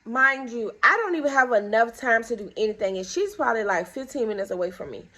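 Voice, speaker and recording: In a fairly high, fast voice, a young woman tells her viewers a story time. She performs both sides of every conversation with animation, her casual delivery full of indignation and exasperation.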